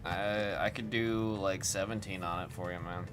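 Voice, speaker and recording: Low-voiced man chatting on a livestream. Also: fairly even intonation, normal speed. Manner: chatty, reads off lists while working the computer. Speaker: livestream card break host. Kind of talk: casual livestream chat.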